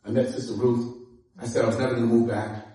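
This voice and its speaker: A man's voice: mid-range voice, fast talker. A pastor, preaching a sermon full of stories, acting out dialogue with laughter in his voice. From New York. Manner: animated, acts out dialogue, laughs often. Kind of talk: sermon with storytelling. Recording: echoey room from far off.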